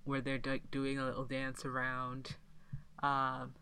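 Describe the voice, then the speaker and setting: Very low-voiced, slow-talking woman. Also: clear, resonant tone, low-quality recording. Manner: laughs often, animated retellings. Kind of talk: casual chat recapping a film.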